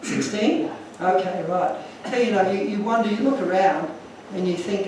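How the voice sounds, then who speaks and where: A man's voice: high-pitched, normal speed, few pauses, darkish tone, far from the mic, slight background noise. Earnest man speaking in an echoey hall. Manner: earnest, emotional storyteller. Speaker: guest speaker. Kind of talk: public talk with slides.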